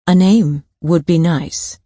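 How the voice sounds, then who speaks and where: A woman narrator voicing a composed female police sergeant who asks measured, probing questions. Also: lowish voice, dark tone, no room sound, clean studio sound.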